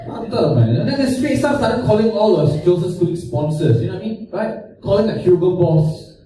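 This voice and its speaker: A man's voice: sits high, very animated, a little fast, mellow, a little hiss or hum. A man performing a profane, ranting stand-up routine. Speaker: stand-up comedian. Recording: very echoey room from far off.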